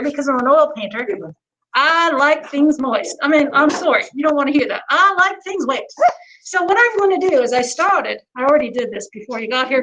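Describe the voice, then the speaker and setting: High-voiced woman with folksy Southern drawl. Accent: put-on Southern US. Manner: soft, folksy, gently joking. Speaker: painting instructor. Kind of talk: livestream painting lesson in the manner of a TV painter. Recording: noisy livestream audio.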